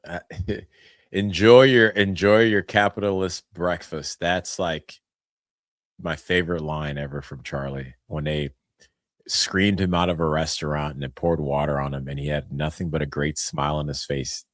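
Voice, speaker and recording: A man's voice: rumbling low, normal speed, no room sound, studio quality. A man hosting a casual political chat, earnest, with frequent laughs and short agreeing interjections. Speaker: host.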